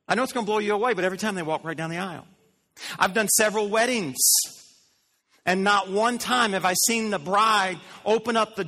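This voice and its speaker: A pastor delivers an emphatic sermon in a high, bright voice, asking the crowd questions and repeating lines for effect. His voice rings with the long reverb of a church sanctuary. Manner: emphatic, repeats phrases and asks the congregation questions.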